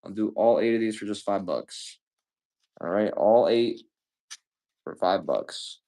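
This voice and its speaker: A man selling used games on a livestream, rambling casually with profane jokes and shout-outs to chat. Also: fairly low pitch, expressive, unhurried, creaky. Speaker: live sale seller.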